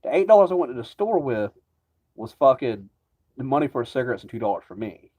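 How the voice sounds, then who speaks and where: A man's voice: medium pitch, big pitch swings, fairly quick, dark tone, breathy edge. A man ranting casually to camera, rambling and agitated, swearing constantly. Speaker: vlogger. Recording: dull lo-fi recording.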